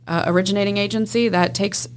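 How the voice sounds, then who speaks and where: A woman's voice: medium pitch, fairly even intonation, fast talker. A woman from Texas co-hosting a crime podcast, reading news items aloud and chatting about them. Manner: conversational, reads news items aloud and comments. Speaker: podcast co-host. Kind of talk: casual chat, reading news headlines.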